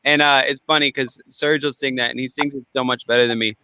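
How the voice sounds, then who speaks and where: A man chatting casually as a podcast guest, telling animated stories with swearing and quick impressions of his friends. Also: medium pitch, clean tone, no echo. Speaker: guest recording artist.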